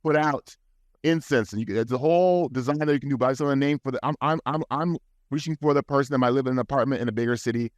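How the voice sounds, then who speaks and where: A man's voice: mid-range voice, fast talker, no echo. A man guest on a podcast, talking in an earnest, advising way with frequent restarts, recorded in a studio. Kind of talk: casual podcast talk.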